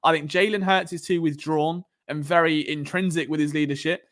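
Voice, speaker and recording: A man's voice: a little high, fairly even intonation, fairly quick, a bit bright. An English man hosting a live sports stream, talking casually and rambling, with lots of fillers and restarts. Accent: Southern English. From England. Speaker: podcast host.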